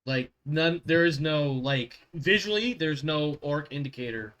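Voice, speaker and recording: Rambling game master, slightly high voice. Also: male voice, unhurried, a bit bright. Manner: rambling, lots of fillers and self-corrections. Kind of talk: narrating a tabletop game.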